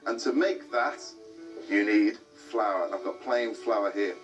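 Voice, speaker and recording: This time the cooking-show host has a lowish voice and an unhurried pace. Heard from a distant mic over background music, he talks through every step of the demonstration in a chatty manner.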